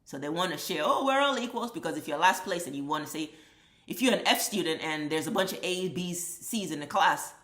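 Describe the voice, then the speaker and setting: A woman's voice: low voice, brisk, a bit bright. A woman vlogger delivering an impassioned, blunt and profane opinion monologue. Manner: blunt, profane, emphatic ranting. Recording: echoey room.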